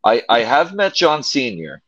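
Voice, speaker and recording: A man who wrestles professionally, a podcast guest, giving short, measured answers. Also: medium pitch, big pitch swings, a bit bright, highs cut off. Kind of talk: casual chat.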